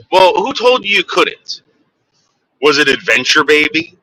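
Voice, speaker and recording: A man talks casually to his stream viewers, teasing them and rambling with many restarts. His voice is sharp and bright, and his pitch jumps around a lot. The sound is dry and close. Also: very animated, measured pace, dry recording, rough recording. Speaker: livestream host.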